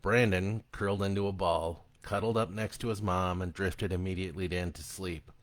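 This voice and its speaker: A man giving a live reading of his own horror story in an expressive, dramatic storytelling manner. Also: low-pitched, normal speed, no echo.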